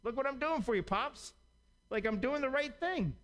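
A resentful young older brother complains that his hard work goes unthanked, as a man puts him on. The voice sits noticeably higher and louder, with an indignant, grumbling edge. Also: animated, moderate pace, in a large hall.

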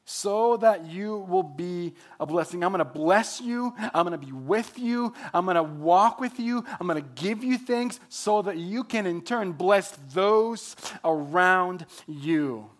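High-voiced man preaching emphatic sermon. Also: expressive, a little slow, hardly any pauses. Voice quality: emphatic, builds points through repetition. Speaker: pastor.

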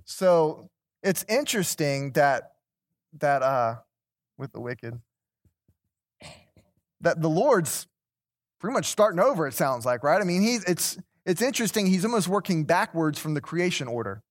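A man leads a Bible class in a relaxed, conversational way, his voice sitting a little high. He stumbles over repeated words and keeps turning questions back to the listeners. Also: a little slow, long pauses. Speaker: Bible study teacher. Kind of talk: interactive Bible class teaching.

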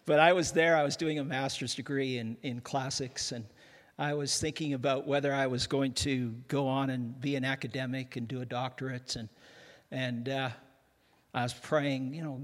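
An older Canadian man, a guest pastor, delivers a humorous sermon to his congregation, cracking self-mocking jokes and stumbling into quick restarts. His middle-pitched voice keeps a fairly even intonation, and the large hall adds a long reverb.

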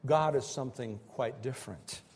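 A man preaching a sermon in slow, emphatic phrases that swell and drop with pauses between them. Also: medium pitch, a little mellow, slightly rough, big-room sound. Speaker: pastor.

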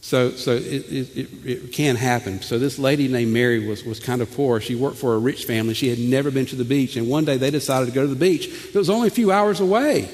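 A man, preaching a sermon in an animated way, stammering over repeated words and swinging from loud to hushed. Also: mid-range voice, fairly quick, hardly any pauses, big-room sound. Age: 40s. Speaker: pastor.

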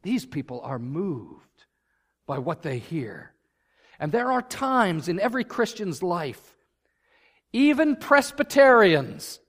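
A man's voice: high voice, a bit bright. A man preaching a sermon as pastor, earnest and building to fervent emphasis. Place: church sanctuary. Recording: long reverb of a church hall.

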